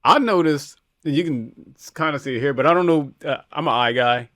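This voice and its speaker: A man in a casual podcast conversation who talks in relaxed slang and laughs often. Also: on the high side, a little fast. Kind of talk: casual chat.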